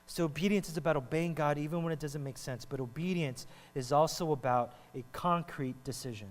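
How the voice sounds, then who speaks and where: A male pastor preaching in a lively, conversational way, checking in with the congregation again and again. His voice sits a little high for a man. The sound carries a long hall reverb with a faint mains hum underneath. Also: a little fast. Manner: animated, talks to the congregation with frequent "right?". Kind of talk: sermon. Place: church hall.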